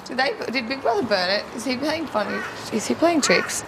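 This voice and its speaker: A woman's voice: fairly high pitch, animated, a little fast, fairly bright tone, slight background noise. Sheepish woman chatting casually. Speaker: reality-show contestant. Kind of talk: casual chat.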